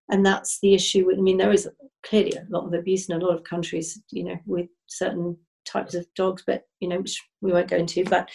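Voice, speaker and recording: A woman's voice: medium pitch, gravelly, a little mellow. Woman, podcast host, chatty, laughs easily, casual talk. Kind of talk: casual chat.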